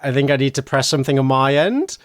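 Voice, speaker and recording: A man co-hosting a charity stream in casual chat, giggly and excitable. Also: fast, dry recording. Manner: giggly and excitable, swings pitch widely.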